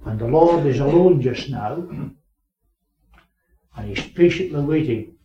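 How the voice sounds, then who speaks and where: A man preaching a sermon, swinging between raised emphasis and quiet asides. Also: medium pitch, animated, takes it slowly. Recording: echoey, distant, muffled recording.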